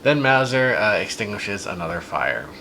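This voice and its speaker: Male podcast host, low voice, very animated pitch, amused storyteller, fillers and restarts, noisy background. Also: moderate pace, creaky. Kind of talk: casual comedic retelling of a child's story.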